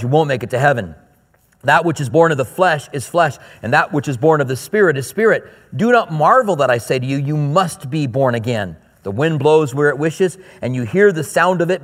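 Male preacher in a reverberant hall. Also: a little high. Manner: reads scripture slowly, then explains in quick asides. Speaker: pastor. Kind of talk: sermon with scripture reading.

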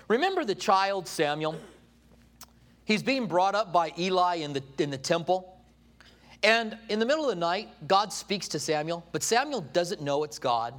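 Man, preacher, fairly high voice, animated storytelling, sermon in a study. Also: fairly quick.

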